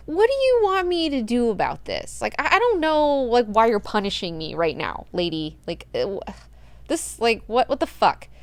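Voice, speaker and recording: A woman's voice: fairly high pitch, sing-song, normal speed, no room sound, voice pushed up. A woman voicing a cursing, fed-up young warrior. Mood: indignant. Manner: slangy, profane, exasperated. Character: bitter sweary young male warrior clone.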